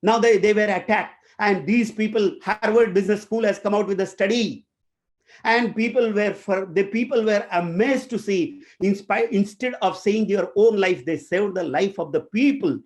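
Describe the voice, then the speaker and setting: A man's voice: high voice, steady tone, normal speed. A man with an Indian English accent, a corporate trainer telling a motivational story and speaking directly to his audience.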